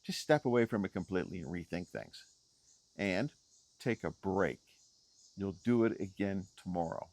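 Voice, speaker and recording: A man's voice: darkish tone, no room sound. A middle-aged man talking straight to the camera on a selfie stick outdoors, in an emphatic, repetitive motivational vlog style. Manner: emphatic, repeats key phrases, rising pitch on stressed words. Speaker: video creator. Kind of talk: unscripted motivational vlog talk.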